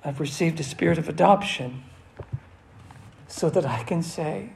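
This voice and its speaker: A man's voice: fairly high pitch, a little slow, vocal fry, darkish tone, slight background noise. A man preaching a sermon in a conversational, storytelling manner that turns into earnest prayer. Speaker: pastor. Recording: echoey room, faint ambience.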